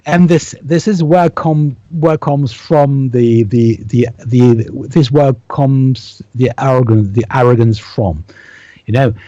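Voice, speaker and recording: A man chatting casually as a guest, halting often and repeating words as he searches for them. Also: medium pitch, mellow, no room sound, lo-fi sound. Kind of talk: casual conversation.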